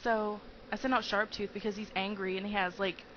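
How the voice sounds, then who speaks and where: A woman's voice: medium pitch, little pitch movement, brisk, fairly bright tone. Young woman, twenties, let's play commentary, giggly, hyper, rambling, dull lo-fi recording, faint hiss. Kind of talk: casual gameplay commentary.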